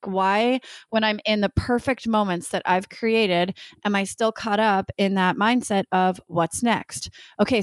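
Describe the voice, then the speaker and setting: A woman's voice: mid-range voice, no room sound. Rambling woman co-host, dry sound. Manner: rambling, self-described. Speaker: podcast co-host. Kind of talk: casual podcast chat. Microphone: remote call.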